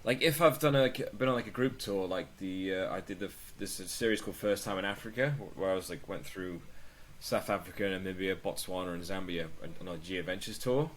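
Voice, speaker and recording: A man, a travel video maker, chatting casually as a podcast guest, relaxed and swearing freely. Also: brisk, hardly any pauses, a little hiss or hum. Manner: relaxed, swears casually, acts out quoted people in higher voices. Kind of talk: casual interview chat.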